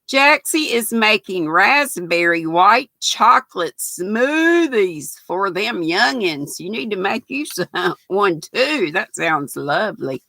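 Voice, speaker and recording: A woman's voice: fairly high pitch, vocal fry, pushed and bright, no echo. An older woman, hosting a casual livestream and greeting her viewers by name in a folksy way. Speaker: livestream host.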